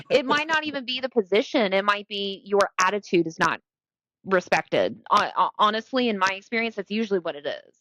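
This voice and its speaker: Frank, animated woman co-host. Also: medium pitch, normal speed, dry recording, rough recording. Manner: frank, animated, acts out quotes. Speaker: podcast co-host. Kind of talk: casual podcast conversation.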